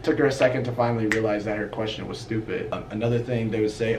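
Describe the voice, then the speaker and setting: Man from Ethiopia, animated storyteller, echoey lobby, mic far off. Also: lowish voice, fast, few pauses. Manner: animated storyteller, acts out quoted people. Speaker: discussion guest. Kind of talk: casual chat. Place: hotel lobby. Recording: roomy echo, distant mic, faint noise.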